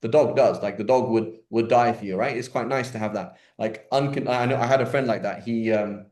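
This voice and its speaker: A man's voice: mid-range voice, brisk, darkish tone. A man teaching an online question-and-answer class in a chatty, joking way, with many fillers and restarts. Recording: roomy echo.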